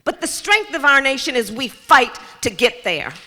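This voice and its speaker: A woman's voice: sits high, very animated, normal speed, noisy background. A woman political candidate giving a campaign speech, rhetorical and repeating key phrases. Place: large community center hall before a crowd. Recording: reverberant hall with faint crowd.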